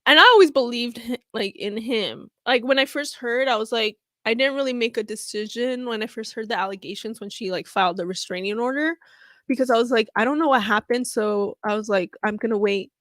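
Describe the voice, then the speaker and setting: Young female vlogger, bright higher register, dry close mic, chatty and emotional, quick to laugh and tear up. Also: no room sound. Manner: gushing, chatty, laughing and teary. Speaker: comedy vlogger reacting to news footage. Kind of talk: casual reaction commentary.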